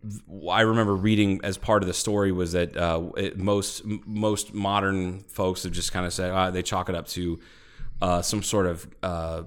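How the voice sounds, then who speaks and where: A man's voice: low voice, a bit bright. A man co-hosting a casual podcast from an airplane hangar at night, rambling through stories with lots of restarts and swearing. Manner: rambling storyteller, swears freely, many restarts. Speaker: podcast co-host. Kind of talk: casual chat.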